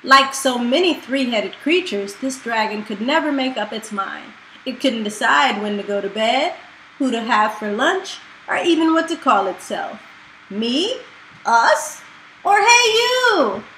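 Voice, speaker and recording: A woman reading a children's picture book aloud in a slow, expressive storytelling manner, in an echoey room. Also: on the high side. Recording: echoey room with faint noise.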